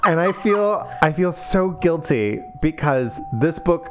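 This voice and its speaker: A man co-hosting a podcast, chatting about books with sarcastic, animated asides. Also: fairly high pitch, slow, soft background music. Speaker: podcast co-host. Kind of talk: casual chat.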